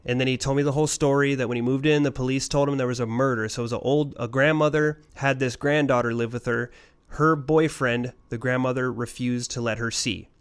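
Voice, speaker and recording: A man's voice: medium pitch, steady tone, brisk, hardly any pauses, smooth. A man co-hosting a casual podcast, telling a rambling ghost story full of swearing. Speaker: podcast co-host.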